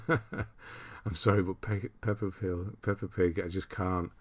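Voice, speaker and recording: Taking his time, a British man on a livestream works through viewers' lists, chuckling and thinking aloud in a low, steady-toned voice.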